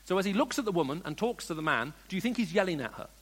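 A man preaching a sermon, moving between hushed storytelling and emphatic questions to the congregation. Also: high voice, animated, racing. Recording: long reverb of a large hall.

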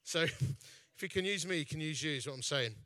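An East London man, an evangelist and festival founder, delivers a storytelling sermon in a chatty, jokey, self-mocking way. His voice is a little high and fairly quick, with a sharp tone and no echo.

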